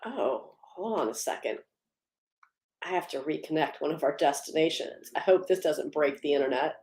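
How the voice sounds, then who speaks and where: A woman's voice: low voice, normal speed, darkish tone. Upbeat woman hosting a livestream, echoey. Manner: upbeat, greets viewers by name, laughs easily. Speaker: livestream host. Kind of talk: casual livestream chat and policy update.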